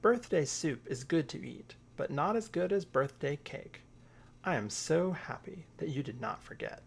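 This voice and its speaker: A man reading a storybook aloud, voicing an eager, excitable little bear cub. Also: fairly high pitch, measured pace, gravelly. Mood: cheerful.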